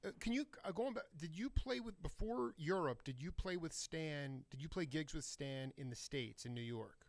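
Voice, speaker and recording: A man's voice: fairly high pitch, lively intonation, normal speed. A man interviewing a guest, rephrasing his questions with hesitant fillers. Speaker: interviewer, host.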